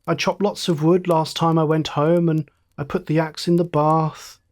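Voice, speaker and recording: A man's voice: on the high side, level tone, moderate pace, close to an everyday voice. A man voicing a wounded young fighter pilot thinking aloud, in a light, musing inner monologue. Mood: dazed cheer.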